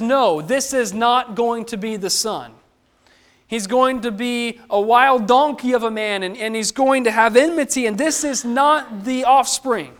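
A man's voice: very high voice, a bit bright. A man preaching a sermon, who asks the listeners questions and acts out the lines of the people he quotes.

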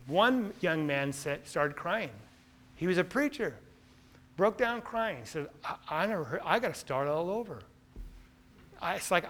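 A man, a missionary speaker, tells stories from his trips over photos with earnest feeling that turns lively. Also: on the high side. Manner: earnest, turning lively and laughing in anecdotes. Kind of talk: storytelling slide presentation.

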